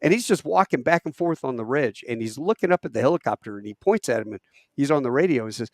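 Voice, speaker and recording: A man, a podcast guest, telling war stories in a lively way, acting out quotes with halting restarts. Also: medium pitch, no room sound, studio quality. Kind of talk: animated war storytelling.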